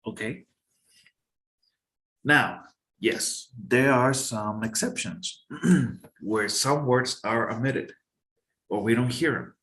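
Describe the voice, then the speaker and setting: A man teaching an English pronunciation lesson in a casual, halting way, checking in with his students. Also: mid-range voice, a bit bright.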